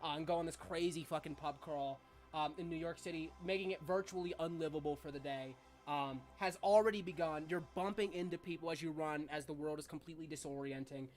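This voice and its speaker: A woman's voice: sits low, a little fast, a little mellow, soft background music. A young adult woman narrating a tabletop game as game master, casual and rambling with fillers and swearing.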